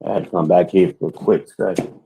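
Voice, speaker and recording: A man's voice: low voice, steady tone, quick pace, creaky, warm tone, a little hiss or hum, rough recording. A podcast host talks casually to viewers while walking through his home, boastful and joking, swearing freely.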